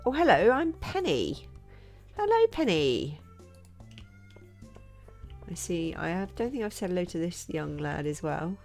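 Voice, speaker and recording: A woman's voice: on the low side, very animated, measured pace, vocal fry, long pauses, dark tone, soft background music. A woman chatting casually and laughing as she streams a cosy farming game. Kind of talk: cosy game livestream chat.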